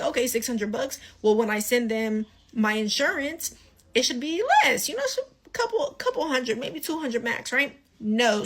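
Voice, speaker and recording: A woman with a slightly high voice tells a story in a casual, animated rant. She acts out both sides of a phone call and breaks into exasperated, profane outbursts. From California. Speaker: social media storyteller.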